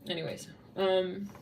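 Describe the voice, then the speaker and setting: A woman's voice: mid-range voice, vocal fry, distant mic, very noisy. A woman with a Californian accent giving a casual, rambling tarot reading, laughing often and saying "like" a lot. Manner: rambling, giggly, lots of "like". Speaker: tarot reader.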